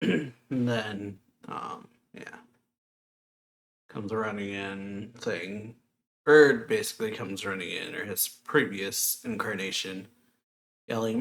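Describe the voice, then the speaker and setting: A man's voice: on the low side, slow pace, fairly bright tone. A man hosting a manga review channel, loosely recapping a chapter with lots of fillers. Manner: loose, filler-heavy retelling of the plot.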